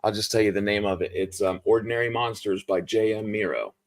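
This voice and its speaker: A man's voice: on the low side, fairly even intonation, brisk. A man from Ohio with an Ohio American accent, hosting a casual book interview with lots of fillers and laughs. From Ohio, USA. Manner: rambling, laughs often, many fillers. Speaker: book channel host.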